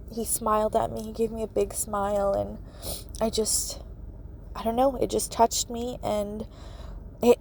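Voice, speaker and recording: A woman's voice: fairly high pitch, vocal fry, a little mellow, a little hiss or hum. A woman hosting a podcast, telling a personal story with many fillers and laughing through tears. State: tearful. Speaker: podcast host, medium.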